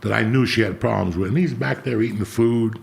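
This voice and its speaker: A man's voice: lowish voice, fairly quick, creaky. A middle-aged man telling a blunt, profanity-heavy personal story in casual chat as a podcast host.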